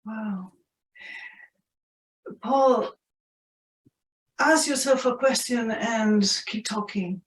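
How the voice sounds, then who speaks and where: Slow-talking woman host, roomy and distant. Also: fairly high pitch. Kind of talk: interview.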